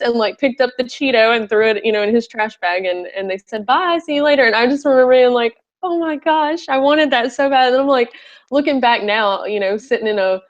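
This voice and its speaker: A woman hosting a casual interview, chatty, with many fillers and frequent laughter. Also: fairly high pitch. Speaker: podcast host. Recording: slightly muffled recording.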